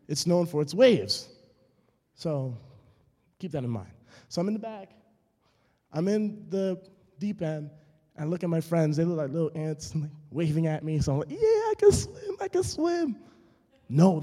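A young man with a high but mellow voice tells a funny true story to a live audience. He holds a handheld mic, repeats lines for comic effect, and talks straight to the crowd. His voice rings through a large hall with a long reverb. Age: young adult. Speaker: student storyteller. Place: auditorium stage. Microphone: handheld microphone.

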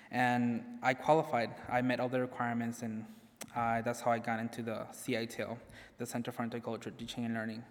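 Young man, mid-pitched voice, nervous, chatty student speech, long hall reverb. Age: young adult. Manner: nervous, self-deprecating, laughs often, says "like" a lot. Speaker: graduating senior giving a convocation speech. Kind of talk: personal speech to an audience. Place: large hall.

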